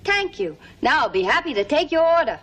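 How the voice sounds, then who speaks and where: An actress playing a nervous trainee waitress who speaks politely and hesitantly. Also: female voice, sits high, big pitch swings, brisk, a bit bright, recorded from a distance. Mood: rehearsed.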